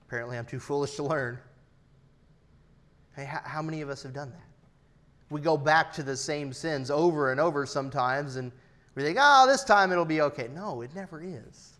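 A man in his thirties preaching an earnest, personal sermon, his loudness rising and falling for emphasis. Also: mid-range voice, fairly even intonation, normal speed, pauses often. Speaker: pastor.

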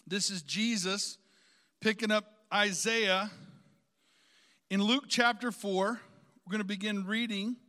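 A man's voice: high voice, pushed and bright, long reverb tail. A man preaching a sermon, outgoing and talkative, calling on the congregation to repeat phrases after him.

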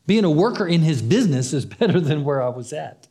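Guy preaching a sermon, kinda high voice, chatty, acts out the parts and repeats stuff for punch. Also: big pitch swings, brisk, warm tone. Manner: conversational preaching, acts out the story's dialogue; repetitive, emphatic phrasing. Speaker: pastor.

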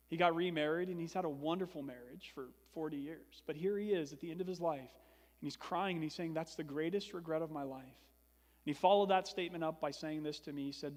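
A man's voice: on the high side, big-room sound. A young man preaching a sermon as pastor, earnest and building to emphatic repetition.

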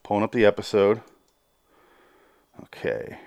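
A man's voice: on the low side, big pitch swings, measured pace, vocal fry, a little mellow, dry recording, highs cut off. A man hosting a solo review podcast, rambling and cursing, with exasperated rants. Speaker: podcast host.

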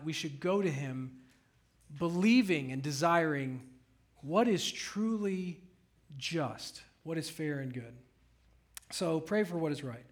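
A middle-aged man preaching a sermon, telling a family story with animated delivery that rises and falls. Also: a little high. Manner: animated storytelling, voice rising when recounting raised voice. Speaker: pastor.

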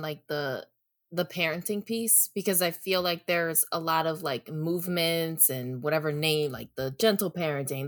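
A woman's voice: on the low side, no echo, clean studio sound. A woman co-host chatting casually and affirming the guest, with frequent "like" and "um". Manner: warm affirming, uses filler "like". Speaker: podcast co-host. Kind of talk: casual chat.

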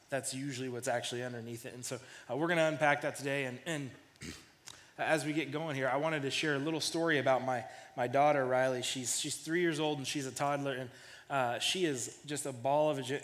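A man's voice: medium pitch, big-room sound. A man in his thirties preaching a sermon in a casual storytelling way, often repeating the first words of a phrase. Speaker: pastor.

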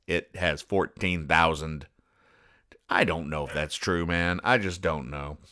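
A man hosting a comedy show, reading comic strips aloud and explaining the jokes in a wry, deadpan way. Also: sits low, measured pace. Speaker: host.

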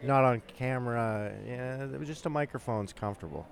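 A man guest on a podcast, high and rambling in laid-back casual chat on a patio. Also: a little fast, creaky. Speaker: comedian guest. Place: outdoor patio of a comedy club.

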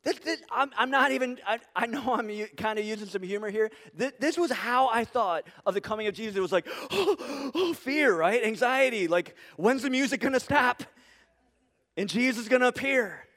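Pastor guy preaching, fairly high voice, jokey and animated, asks the crowd lots of questions, long echo like a big church hall. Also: fairly quick. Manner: animated, humorous, conversational preaching with rhetorical questions. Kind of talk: sermon.

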